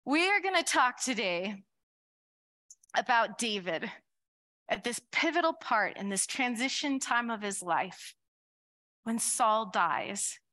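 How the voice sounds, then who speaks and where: Bright-voiced woman giving a chatty sermon. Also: expressive, slow pace, pauses often. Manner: chatty, acts out quoted voices with big pitch jumps and laughs. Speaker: speaker giving a church talk. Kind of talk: conversational sermon.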